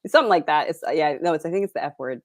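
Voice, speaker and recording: Young canadian actress, animated, laughs a lot, lowish dry voice. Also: female voice, racing, dry recording. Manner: animated, laughs often, drops in British slang. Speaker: actress, guest. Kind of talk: casual interview chat.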